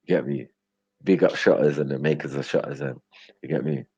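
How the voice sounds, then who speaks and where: A deep, husky man rants casually on a livestream. He laughs as he talks and keeps asking "you get me?" The audio is dull and lo-fi. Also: fairly quick, dark tone. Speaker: livestream host. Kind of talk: casual ranting commentary.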